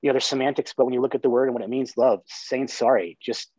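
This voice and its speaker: A man's voice: medium pitch, fairly even intonation, quick pace, darkish tone, no echo. A man in casual podcast conversation, talking earnestly, swearing casually and often restarting his sentences. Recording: dull lo-fi sound.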